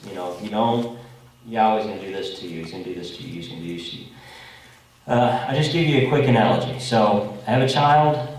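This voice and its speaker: Preacher in a very echoey room. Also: male voice, mid-range voice, a little mellow, far from the mic. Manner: informal, asks the congregation "okay?" often. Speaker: pastor. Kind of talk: conversational sermon. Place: congregation meeting room.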